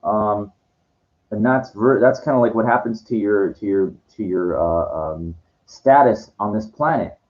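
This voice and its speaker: Man, lowish voice, lecturing rant, dull lo-fi recording, lots of restarts. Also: unhurried, a little mellow. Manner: condescending, lecturing, stumbling restarts. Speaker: vlogger answering viewer comments. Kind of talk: ranting monologue to camera. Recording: dull lo-fi sound.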